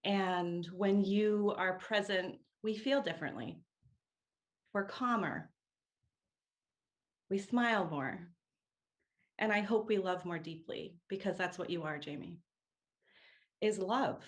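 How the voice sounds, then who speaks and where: A woman speaking slowly and with emotion as she pays tribute to a friend at a meeting. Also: mid-range voice. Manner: slow, emotional, earnest. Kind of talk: heartfelt tribute. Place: video call.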